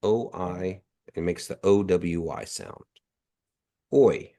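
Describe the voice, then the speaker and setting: Deep-voiced man teaching on a video call. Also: fairly even intonation, gravelly, mellow. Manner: patient, models sounds slowly and repeats them. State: nasal from allergies. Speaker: language teacher. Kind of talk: online language class.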